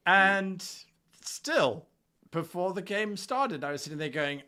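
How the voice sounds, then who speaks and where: A man hosting a casual chat about running games, telling stories in an animated way. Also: high-pitched, slow, smooth. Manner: animated, laughing storyteller. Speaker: host.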